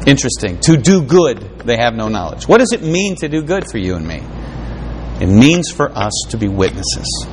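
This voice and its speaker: A man's voice: medium pitch, big pitch swings, moderate pace, background noise. A man preaching a sermon, reading scripture aloud with fervent, rising and falling emphasis. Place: room with an audience.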